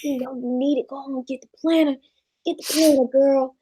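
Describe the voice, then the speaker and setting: Woman putting on her wheedling inner shopping voice, nags and nags, pitched up high. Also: steady tone, a little fast, dark tone, lightly acted. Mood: coaxing. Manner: coaxing, nagging repetition.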